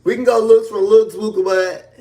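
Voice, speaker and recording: A man with a high-pitched voice rants on a casual livestream. He trash-talks a rival in a mocking, sing-song way, stacking insult on insult. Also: steady tone, moderate pace, dark tone.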